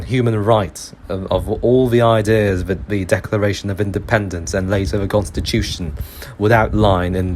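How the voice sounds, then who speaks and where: A man's voice: on the low side, a little hiss or hum. A man with a British accent hosting a solo history podcast, explaining earnestly with frequent hesitations and restarts. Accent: British English.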